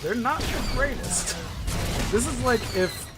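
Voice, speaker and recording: A man's voice: extremely high pitch, expressive, a little slow. A man streaming a video game, chatting and joking with viewers in a loose, laughing way. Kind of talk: casual live-stream commentary. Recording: game music under the voice.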